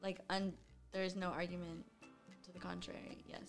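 A woman's voice: fairly low pitch, flat delivery, normal speed, music in the background. A woman in casual podcast chat who is playful, jokes and laughs often.

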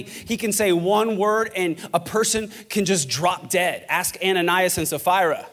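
A young male pastor delivers a lively sermon in a church, his voice sitting a little higher than most men's. He jokes with the congregation and swings between energetic, loud stretches and soft, hushed ones. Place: church auditorium.

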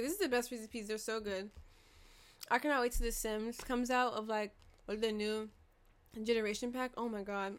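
A young woman vlogging, telling a story fast and profanely, acting out quoted dialogue, into a desk microphone. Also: fairly high pitch, fairly bright tone. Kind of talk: casual storytelling monologue.

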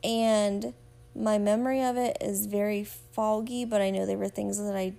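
Gravelly-voiced woman podcast host. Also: medium pitch, little pitch movement, moderate pace, mellow. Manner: chatty, gushing, addresses listeners directly. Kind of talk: casual chat recapping a show.

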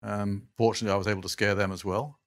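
An older man, a guest on an interview, telling long anecdotes in a lively, chuckling way and often restarting his sentences. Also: on the low side, rapid-fire. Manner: animated, chuckling storyteller who trails off and restarts. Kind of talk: anecdotal storytelling in a casual interview.

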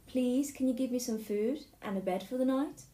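A woman's voice: high-pitched, moderate pace, mellow, voice pushed up, natural voice. A woman voicing a tired, hungry young boy in a storybook reading, pleading politely. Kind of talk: storybook read-aloud. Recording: echoey room.

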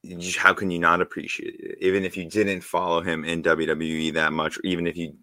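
A man co-hosts a casual podcast, talking in a deep, low voice with a bright edge. He rambles excitedly, full of fillers and restarts. The sound is dry and close. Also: brisk, no echo. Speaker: podcast co-host.

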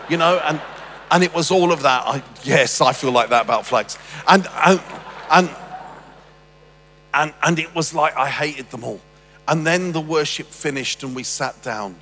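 A man's voice: fairly high pitch, moderate pace, pushed and bright, in a large hall, faint music behind. A man telling a humorous personal story on stage, rambling and self-deprecating with stammered restarts. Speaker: speaker.

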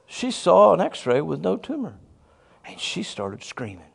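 A man preaching a sermon, telling a story and bursting into shouts of praise. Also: on the high side, huge pitch swings, measured pace, creaky, breathy edge.

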